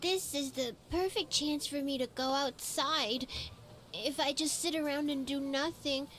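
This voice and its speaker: Timid, earnest little half sea-folk boy for a game, played by a woman. High, soft and well-behaved. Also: a little slow, slight background noise. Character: shy, sweet young half-Lemurian boy. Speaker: game character.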